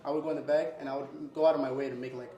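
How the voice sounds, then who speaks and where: A man's voice: medium pitch, fairly even intonation, rapid-fire, mellow, reverberant. A young man who owns a restaurant, talking casually in an interview. He says "bro" a lot and acts out little scenes with customers. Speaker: restaurant owner. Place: his restaurant.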